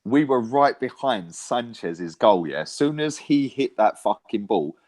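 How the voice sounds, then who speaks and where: A man telling animated, swear-filled football stories in a casual chat, tagging lines with "right?" and "mate". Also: fairly low pitch, a little slow. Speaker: co-host, football fan pundit.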